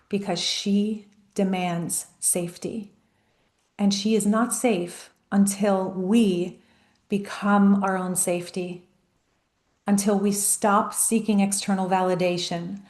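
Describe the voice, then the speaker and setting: A woman life coach giving a motivational talk, emphatic and storytelling, slowing down on key phrases. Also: medium pitch, darkish tone, reverberant.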